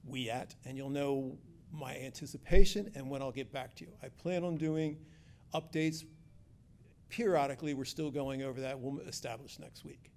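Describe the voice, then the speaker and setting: Joking gravelly-voiced construction director. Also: male voice, mid-range voice, steady tone, moderate pace, darkish tone. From Philadelphia area. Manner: joking, chatty with restarts. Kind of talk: informal community update.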